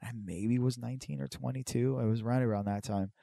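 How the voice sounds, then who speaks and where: A man's voice: mid-range voice, fairly even intonation, fairly quick, vocal fry, mellow, dry recording. A man telling a long personal story in casual chat, rambling and swearing, with many restarts. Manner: acts out quoted people in a raised voice.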